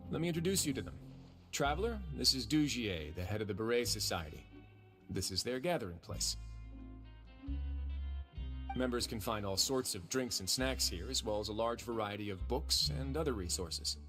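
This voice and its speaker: In studio game voice acting, an actor portrays a composed male warden duke with dry, wry humor. His voice is on the low side, expressive and fairly bright, at normal speed, and the game audio carries faint music.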